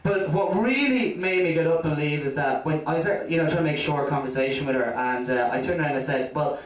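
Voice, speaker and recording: A man's voice: fairly high pitch, quick pace. A man with an Irish accent doing a rambling stand-up routine full of "you know" asides. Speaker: stand-up comedian. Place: comedy club stage. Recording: echoey club from a distant mic.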